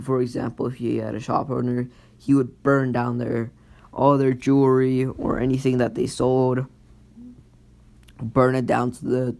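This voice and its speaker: Rambling young man with a creaky voice. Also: medium pitch. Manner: rambling, lots of fillers and self-corrections. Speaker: fan storyteller. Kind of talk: casual improvised storytelling.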